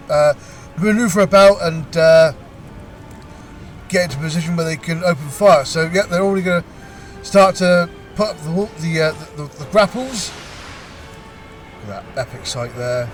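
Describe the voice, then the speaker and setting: Halting, slightly high-voiced male game commentator. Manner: halting, with frequent pauses and restarts. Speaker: gameplay commentator. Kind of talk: casual video game commentary.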